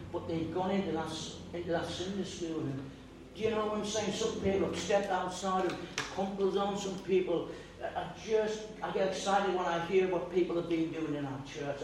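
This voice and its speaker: An older man preaching a sermon as pastor, animated and asking his congregation questions. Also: high voice, slight background noise. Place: church hall. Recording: echoey church, distant mic.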